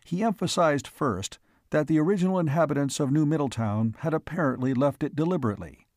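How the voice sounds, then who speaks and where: A man narrating an audiobook of a classic science fiction story in a steady, even manner. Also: fairly high pitch, a little fast, no room sound, clean studio sound.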